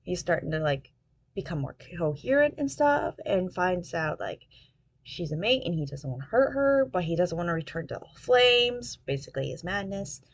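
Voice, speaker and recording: Woman rambling thru a book recap, lowish voice, lots of ums, dry close mic. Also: very animated, moderate pace, no echo, lo-fi sound. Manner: rambling retelling with many fillers. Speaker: book reviewer.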